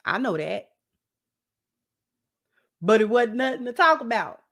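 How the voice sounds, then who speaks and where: A woman giving casual relationship advice to camera, talking conversationally, repeating phrases and dropping low and soft for asides. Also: big pitch swings, a little slow. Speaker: relationship vlogger.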